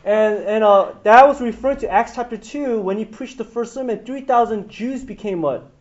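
A man giving a casual Bible teaching to a small group, retelling the story with animated, acted-out quotes and swings in loudness. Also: sits high, moderate pace. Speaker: pastor. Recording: dull lo-fi room recording.

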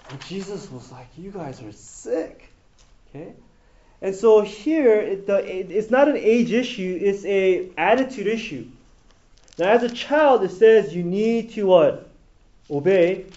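A man preaching a sermon in an animated way, asking the audience questions as he goes. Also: high voice, unhurried, muffled recording.

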